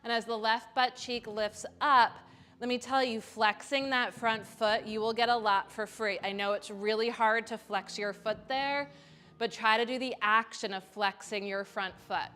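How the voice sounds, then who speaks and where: A woman teaching a live yoga class in a studio, giving calm step-by-step cues with casual asides. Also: fairly high pitch, normal speed. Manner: calm cueing with chanted Sanskrit and casual asides.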